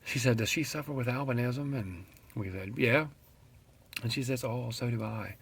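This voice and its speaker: A middle-aged West Virginian man rants straight to his viewers in a casual vlog. His voice sits a little low and carries a gravelly rasp. He tells his story bluntly and with plenty of profanity. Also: brisk. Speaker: vlogger.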